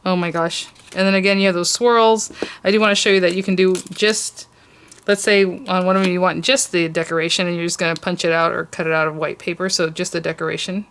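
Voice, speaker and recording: Chatty woman with a gravelly low voice. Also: steady tone, fast talker, fairly bright tone. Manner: chatty, gushing over cute details. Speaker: craft tutorial host. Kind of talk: casual crafting tutorial.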